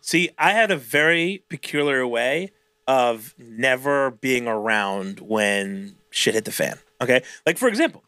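A man's voice: mid-range voice, a little slow, smooth, no room sound. A young man co-hosting a podcast, telling retail stories in a casual, swearing style and acting out customers. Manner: animated storytelling, swears a lot, acts out customers. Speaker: podcast co-host. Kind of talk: casual chat.

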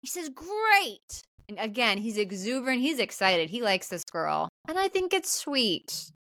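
A woman co-hosting a podcast, recapping a film in casual chat and acting out the characters' lines in higher voices. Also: moderate pace, no echo. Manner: animated, acts out quotes in higher voices. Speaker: podcast co-host.

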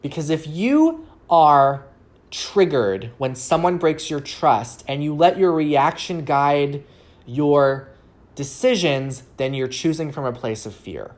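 A woman's voice: low voice, animated, takes it slowly, a little mellow. A woman speaking as a relationship coach, talking earnestly in a solo advice episode and asking rhetorical questions.

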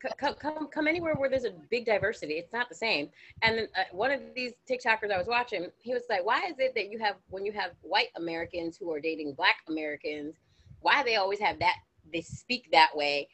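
A woman's voice: medium pitch, animated, brisk, a bit bright, breathy edge. A woman co-hosting a casual podcast, rambling and restarting her sentences often. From grew up partly in Florida. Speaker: podcast co-host. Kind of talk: casual chat.

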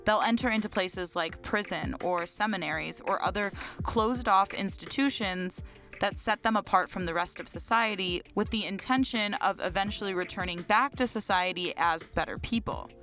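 A woman hosting, giving measured, analytical commentary on what she heard. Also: mid-range voice, bright, forceful tone, soft background music. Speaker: podcast host. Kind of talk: reflective commentary.

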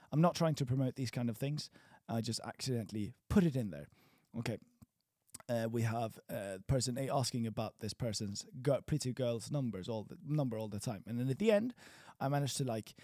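A man teaching a casual language lesson, chatty, repeating words slowly for learners. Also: medium pitch, warm tone, no room sound, clean studio sound.

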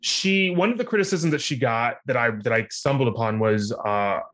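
A man co-hosting a podcast, talking casually and rambling with lots of fillers and restarts, pitch jumping up when he makes a point. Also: normal speed, a bit bright. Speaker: podcast co-host. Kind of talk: casual chat.

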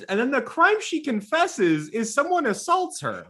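A man with a very high, slightly rough voice co-hosts a casual podcast at normal speed. He's an animated storyteller who acts out the quotes in his tales.

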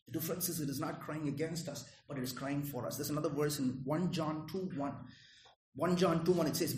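A man's voice: a little high, a little fast. An earnest male preacher delivers a sermon, asking his listeners questions and doubling back on his words. His voice rings around a roomy space, with faint noise behind it.

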